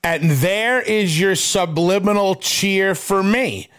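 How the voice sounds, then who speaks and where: A man's voice: high-pitched, takes it slowly, fairly bright tone, clean tone. A man co-hosting a casual talk show, brash and wisecracking as he reacts and asks questions. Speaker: co-host. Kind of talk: casual chat.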